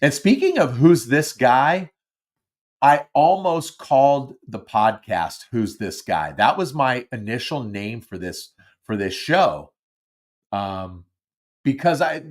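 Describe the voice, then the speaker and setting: Rambling middle-aged man hosting a live show. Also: medium pitch. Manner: rambling and self-deprecating, many fillers and restarts. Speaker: podcast host taking call-ins. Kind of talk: casual live-stream chat.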